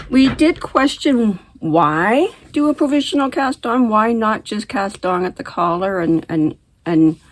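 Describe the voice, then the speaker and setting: A woman's voice: on the low side, a little hiss or hum. A middle-aged woman hosting a knitting video, chatting casually to camera and laughing easily as she talks. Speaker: knitting podcast host.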